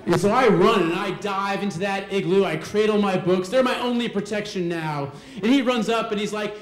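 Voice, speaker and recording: A man telling a personal story on stage, animated and acting out the voices of the people in it. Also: high voice, moderate pace, hardly any pauses. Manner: animated, acts out quoted voices. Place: live storytelling show venue. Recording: roomy hall sound.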